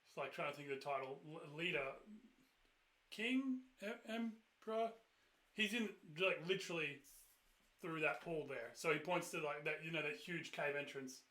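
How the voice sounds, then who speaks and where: A man's voice: fairly high pitch, moderate pace, sharp tone, echoey room. A man running a tabletop game as game master, narrating with a rambling, laughing manner.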